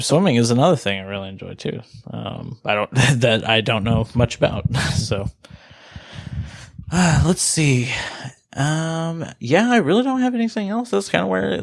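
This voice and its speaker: A man's voice: mid-range voice, creaky, no echo. A man hosting a casual movie podcast, rambling with many fillers and restarts. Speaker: podcast host.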